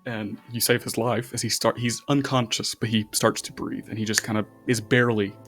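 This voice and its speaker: A man's voice: fairly low pitch, flat delivery, brisk, fairly bright tone, soft background music. A man narrating as game master of a tabletop game, in a loose, rambling way with fillers.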